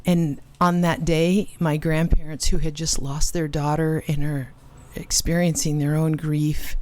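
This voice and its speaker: A woman and ministry cofounder giving an earnest, emotional personal testimony, with dramatic pauses. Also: deep voice, little pitch movement, darkish tone. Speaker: ministry cofounder and conference speaker.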